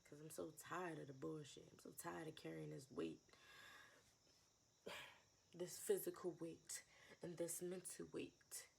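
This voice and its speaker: A woman's voice: deep voice, little pitch movement, measured pace, creaky, pauses often, darkish tone, a little hiss or hum. A woman in her twenties speaking in a raw, emotional confessional vlog, repeating phrases and sighing between thoughts. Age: 20s. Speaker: vlogger.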